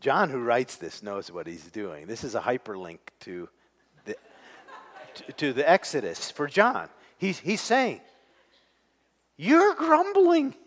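A pastor with a lowish, slightly bright voice preaches in a sing-song, measured way, putting questions to his congregation. The church sanctuary gives the recording the long reverb of a large hall.

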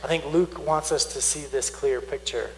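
A man preaching a sermon, teaching earnestly, slowing down to stress key points and reading scripture aloud. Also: a little high, creaky, a little hiss or hum, poor audio. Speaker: pastor.

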